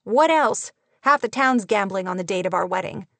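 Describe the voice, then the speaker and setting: A woman's voice: medium pitch, fast talker, gravelly, sharp tone, no echo. A woman voicing a young schoolteacher near tears, sobbing and raising her voice, in an audiobook reading. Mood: upset, tearful. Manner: tearful, sobbing, raised voice.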